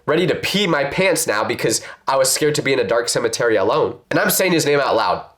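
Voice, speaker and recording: A man telling a personal story in an expressive, self-mocking way with dramatic pauses. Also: mid-range voice. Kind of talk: animated storytime narration. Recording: roomy echo.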